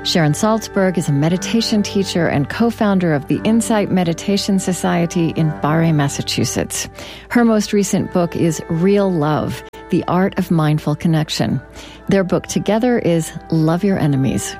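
A woman's voice: lowish voice, normal speed, music in the background. A woman hosting a podcast, probing and paraphrasing her guests, also reading the closing credits. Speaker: podcast host. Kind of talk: interview and scripted credits.

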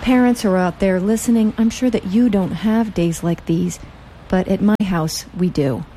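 A woman's voice: medium pitch, moderate pace, mellow, slight background noise. A middle-aged woman hosting a podcast, reading her own short story aloud in a wry, dry way.

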